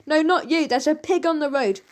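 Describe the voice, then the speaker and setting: A woman voicing an anxious, earnest young boy in a storybook reading, urgent and shouting. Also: high voice, normal speed, voice pushed up, lightly acted.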